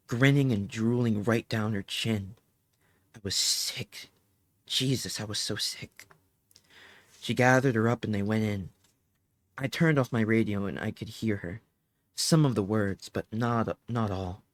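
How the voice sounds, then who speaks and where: A man reading an audiobook aloud in an emotive, dramatic way, slowing down on the key phrases. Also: on the low side, dry recording. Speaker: audiobook narrator.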